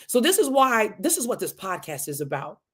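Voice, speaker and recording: A woman hosting a live-streamed podcast, effusively greeting her chat viewers by name in a casual, animated way. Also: mid-range voice, fairly quick, breathy edge. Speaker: podcast host. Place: home, Delaware.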